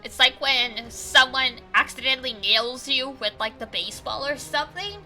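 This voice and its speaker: A young woman streamer reacting to a visual novel with excitable, swearing, laughing commentary on a desk mic. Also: sits high, normal speed, faint music behind, poor audio. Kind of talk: casual game commentary.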